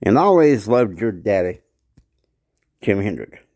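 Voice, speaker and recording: A man doing a soft-spoken older man. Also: fairly low pitch, very animated, measured pace, dry recording, studio quality, pitched below the performer's own voice, heavily acted. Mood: gentle. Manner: soft, gentle.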